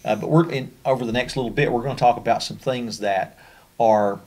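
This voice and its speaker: A man's voice: medium pitch, brisk, music in the background. A man with a Kentucky accent presenting a special education training over slides, in a conversational way with frequent fillers and restarts.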